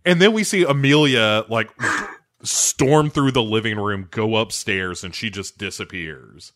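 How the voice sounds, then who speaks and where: A man co-hosting a relaxed podcast, retelling a TV episode scene by scene. He jumps into the characters' voices as he goes and swears freely. The sound is close and dry. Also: lowish voice, unhurried, no room sound. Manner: animated retelling, acting out characters' lines. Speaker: podcast co-host. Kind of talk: casual chat recapping a TV episode.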